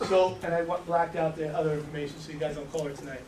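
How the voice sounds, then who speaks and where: A man giving an animated training talk to a room, storytelling and repeating his words. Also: a little high, fast talker, heavy background noise. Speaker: financial services trainer. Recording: echoey room from far off.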